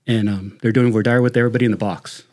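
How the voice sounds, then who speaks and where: A middle-aged man with a Southern Californian accent, a retired sheriff's deputy, tells profane anecdotes through laughter in casual storytelling. His voice sits on the low side, steady in tone, a little mellow, and rapid-fire.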